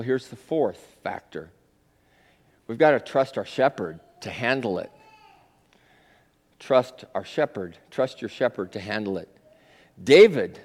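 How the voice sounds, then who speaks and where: A man preaching a sermon in a conversational storytelling style that swells into forceful peaks. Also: medium pitch. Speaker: pastor. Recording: long reverb of a large hall.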